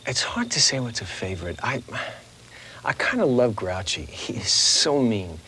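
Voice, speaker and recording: With a lowish voice and moderate pace, this middle-aged man, a voice actor guest, talks through an interview in a casual, lively way. He's an animated storyteller who drops into little voices, and there's a little hiss or hum on the recording.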